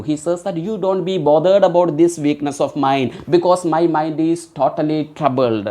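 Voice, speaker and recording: A woman with a notably deep voice teaches an online literature class. She reads quoted verse slowly and deliberately, then goes back over it phrase by phrase in plain words. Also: mellow. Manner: reads lines then explains them word by word.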